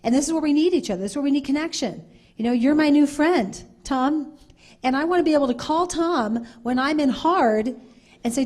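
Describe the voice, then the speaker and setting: A woman's voice: high voice, animated, moderate pace, a little mellow. A woman speaking on a conference panel, earnest and repetitive, acting out little quoted exchanges as she explains.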